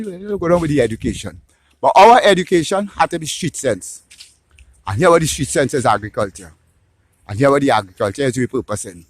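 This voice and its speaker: A man's voice: fairly high pitch, no echo. A man with a Trinidadian accent in a casual, opinionated monologue, ranting with swearing and often tagging his points with "right?". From Trinidad and Tobago. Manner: animated, ranting, swears, tags lines with "right?".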